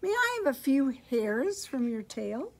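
A woman's voice: high voice, sing-song, unhurried, pitched above the performer's own voice, heavily acted. Woman putting on a sweet, polite storybook cat. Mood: sweetly asking. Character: gentle, polite female farm cat.

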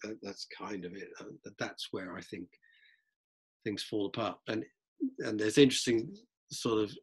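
A middle-aged man, a drama teacher, lecturing students in a lively way and acting out examples as he goes. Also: lowish voice, slightly rough. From London, England. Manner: lively, acts out examples, frequent restarts. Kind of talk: lecture-style talk to students.

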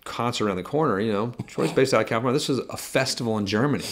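A man who co-hosts a guitar shop channel, telling a story in casual chat. He rambles, jokes and makes quick asides. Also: mid-range voice.

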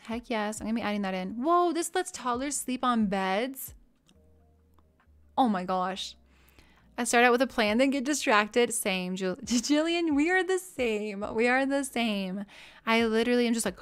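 Streaming from home, a bubbly young woman chats with her viewers in a fairly high voice at a normal, smooth pace, close on a desk mic. Easily excited, she gushes over things she likes and hops from one thought to the next in casual, personal live-stream talk.

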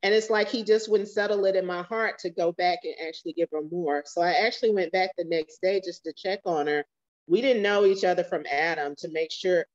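A woman with a lowish voice shares a testimony from her own life over a video call. She talks it through as a story, with plenty of ums, and briefly voices the people in it. The call audio is dull and lo-fi. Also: fairly even intonation, fairly quick. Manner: storytelling, acts out quoted voices, many fillers. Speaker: church member sharing a testimony.

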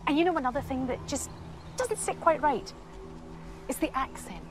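An actress playing a sharp-tongued female amateur detective with a taunting, probing, theatrical manner. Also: sits high, normal speed, over music, close to an everyday voice.

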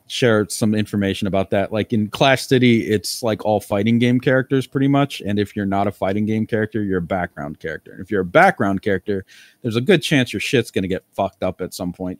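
A man narrating a tabletop game as game master, casual and quick, with swearing. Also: lowish voice, dry recording.

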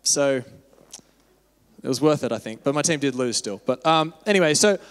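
A man's voice: medium pitch, lively intonation, moderate pace, clean tone. A young man giving a casual, candid church talk with a personal story, rambling with many fillers. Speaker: church speaker on mission. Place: church hall. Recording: echoey church hall.

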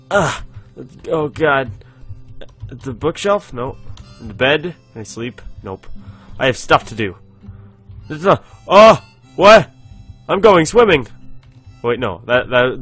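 A man's voice: mid-range voice, a bit bright, husky. A young man hosting a casual let's-play, rambling, giggling and reading game text aloud. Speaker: gaming channel host.

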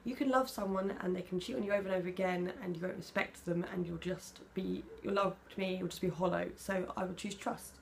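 British woman with a gravelly, creaky voice. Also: fairly low pitch, steady tone, a little fast, few pauses. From Britain. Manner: chatty, candid, soft-spoken when emotional. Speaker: vlogger. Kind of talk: casual tag video, reading questions aloud.

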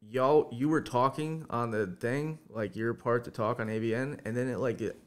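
A man's voice: mid-range voice, moderate pace. A man hosting a podcast, telling rambling, profane stories in casual chat. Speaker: podcast host.

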